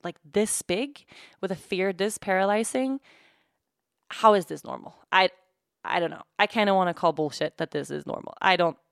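A woman in her thirties hosting a podcast, talking candidly and emotionally in a halting way, tired from sleepless nights. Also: mid-range voice, gravelly, no room sound, studio quality. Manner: halting, emotional, many restarts and "like". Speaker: podcast host. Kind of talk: candid personal monologue.

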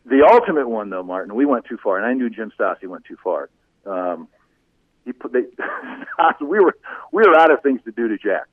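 A middle-aged man, a former sportscaster and guest, telling stories conversationally, animated and laughing often. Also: medium pitch, normal speed, dry recording. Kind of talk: conversational storytelling. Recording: tinny phone-like line.

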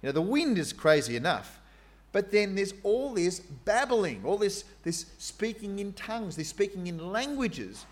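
A man preaching a sermon in an animated, conversational way, with fillers and asides. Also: high voice.

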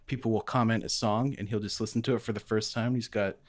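A man co-hosting a podcast, chatting in a relaxed way with lots of fillers. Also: fairly low pitch, quick pace, dry recording. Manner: relaxed, filler-heavy enthusing. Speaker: podcast co-host. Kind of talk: casual chat.

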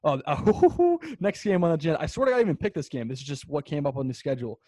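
High-voiced excitable young man. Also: very fast, no room sound, clean studio sound. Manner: excitable, swearing, animated storyteller. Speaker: podcast co-host. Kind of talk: casual sports chat.

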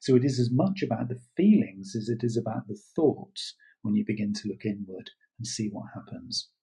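A man's voice: fairly low pitch, moderate pace, creaky, warm tone, slightly rough, poor audio. A man coaching listeners in a reflective, earnest talk, thoughtful and full of fillers. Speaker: self-development coach.

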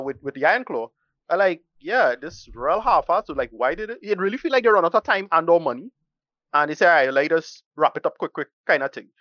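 On a casual podcast, a male co-host gives his film verdict bluntly and ramblingly, swearing freely in Caribbean-style English. His voice is on the high side and a bit bright, and the recording is dry and lo-fi.

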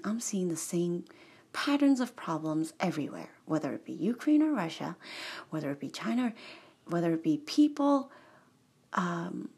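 A woman's voice: on the low side, husky. Chatty, digressive woman telling a story. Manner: digressive, self-interrupting, laughs often; animated and chatty. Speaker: vlogger. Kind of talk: rambling personal storytelling.

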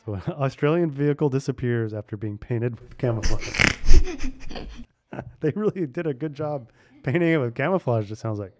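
A man's voice: medium pitch, animated, normal speed, a little mellow. Playful man hosting a family podcast. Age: adult. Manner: playful, laughs often, quizzes kids. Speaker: podcast host with kids. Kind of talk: casual family podcast chat.

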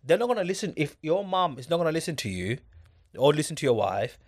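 A man's voice: fairly high pitch, big pitch swings, quick pace. Emphatic man. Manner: emphatic, keeps asking "do you get it?". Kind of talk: casual discussion.

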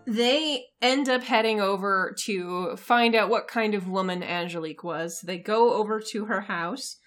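Bright-voiced woman recapping casually. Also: medium pitch, measured pace, soft background music. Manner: relaxed storytelling recap. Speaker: podcast co-host. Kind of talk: casual chat, recapping a show.

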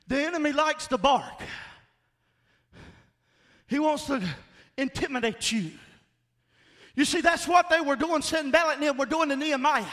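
A man preaching a sermon, emphatic and call-and-response, often shouting his points. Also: very high-pitched.

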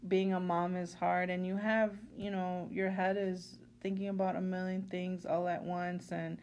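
A woman in her thirties co-hosting a podcast, talking in a warm, reflective way and now and then dropping in a Spanish phrase. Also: lowish voice, level tone, normal speed, highs cut off. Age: 30s. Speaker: podcast co-host. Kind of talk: casual chat.

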